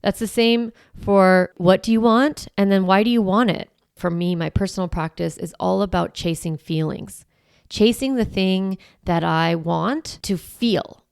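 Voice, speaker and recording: Woman, parenting coach on her own podcast. Gravelly, smooth low voice, chatty and encouraging, dry close sound. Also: a little slow, a little mellow, no room sound. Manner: chatty and encouraging, peppered with "like" and "right". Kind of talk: casual podcast monologue.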